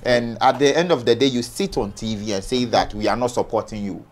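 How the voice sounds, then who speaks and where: A man's voice: mid-range voice, a little fast. A man from Ghana on an entertainment panel, arguing heatedly and firing off rhetorical questions. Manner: forceful, argumentative, rhetorical questions.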